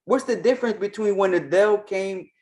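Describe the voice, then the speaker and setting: A man's voice: sits high, brisk, darkish tone. A man hosting a reaction commentary, ranting in a heated, mocking and profane way. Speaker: host, Orisha priest.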